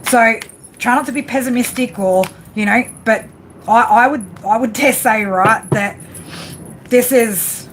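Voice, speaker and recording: A woman's voice: a little high, unhurried. Woman, tarot reader, casual live chat, blunt, repetitive, faint background noise. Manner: casual, repetitive, tag questions; affectionate, blunt, swears.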